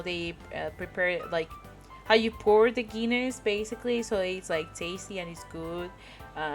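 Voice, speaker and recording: Give me a giggly woman with a Spanish accent telling a story slowly, with light music in the background. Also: medium pitch, a bit bright. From Spain. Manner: rambling, giggly, frequent laughter. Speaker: streamer. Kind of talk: casual storytelling chat.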